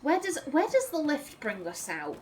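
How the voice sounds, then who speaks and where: A woman's voice: high voice, wildly swooping pitch, normal speed, a little mellow, a little hiss or hum. A woman giving casual, chatty gameplay commentary as a let's play host, politely apologizing to game characters.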